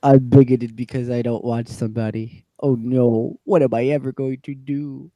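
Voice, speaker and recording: A man co-hosting a livestream in an easygoing, self-deprecating way. His voice is dark and mellow, at an ordinary pitch for a man. The recording is dry and close. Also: fairly even intonation, moderate pace, dry recording. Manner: laid-back, self-deprecating. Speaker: co-host. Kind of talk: casual livestream chat.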